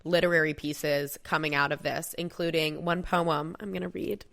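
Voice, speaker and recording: Lower-voiced woman explaining history. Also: normal speed, creaky. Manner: explanatory, quotes sources, steady. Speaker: podcast co-host. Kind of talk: casual history podcast chat.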